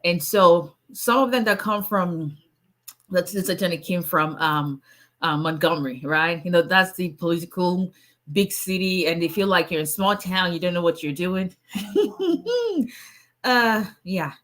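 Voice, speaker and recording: Woman attorney, chatty livestream host, bright tone, laughs easily with her viewers. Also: fairly low pitch, lively intonation, a little slow. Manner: chatty and playful, laughs often, greets viewers by name. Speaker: immigration attorney. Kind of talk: casual livestream chat with viewers.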